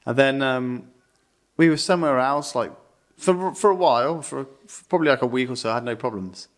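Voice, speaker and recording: A young man co-hosting a podcast tells a story casually, talking a bit fast in a medium-pitched voice. He swears freely and rambles, with plenty of filler words.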